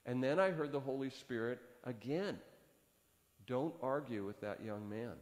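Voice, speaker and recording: A man's voice: unhurried, darkish tone. A male pastor preaching a sermon in a casual, storytelling way, acting out both sides of a conversation. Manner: conversational, acts out dialogue with rising pitch. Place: church sanctuary. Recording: long hall reverb.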